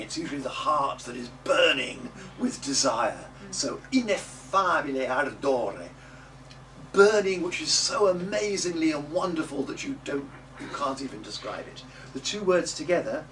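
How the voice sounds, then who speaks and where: A middle-aged man leads a class through Italian diction, sounding each word out slowly for the group to echo back. His voice is fairly high and sits well back from the microphone. A steady background hiss runs under everything in the room. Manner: demonstrative, models words slowly for the group to repeat; chatty asides with little jokes. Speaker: early music teacher. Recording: distant mic in a noisy room.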